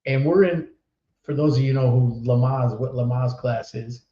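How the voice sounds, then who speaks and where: A man hosting a casual podcast chat, telling stories in an animated way and laughing often. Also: mid-range voice, normal speed. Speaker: podcast host. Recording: roomy, dull online stream audio.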